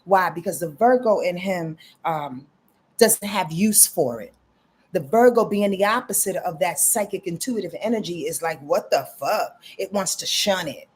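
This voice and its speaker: A woman's voice: fairly low pitch, lively intonation, moderate pace, slightly rough. A woman astrologer giving casual live readings, talking straight to her viewers with lots of "y'all" and "you dig?".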